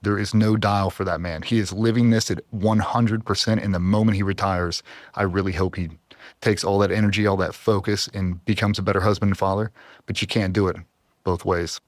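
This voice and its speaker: A man in his forties with a low voice recorded dry and close on a studio mic. He tells hard stories with raw feeling and is fighting back tears. His delivery is earnest and heavy. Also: steady tone, fairly quick, no room sound. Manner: earnest, emotional, trying not to cry. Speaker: podcast guest, former Navy SEAL. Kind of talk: emotional interview storytelling.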